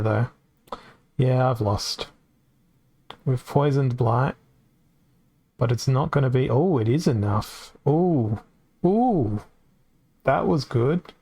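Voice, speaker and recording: A man's voice: mid-range voice, darkish tone. A man with an Australian accent giving casual live-stream commentary on a card game, chatty and reacting aloud as it plays out.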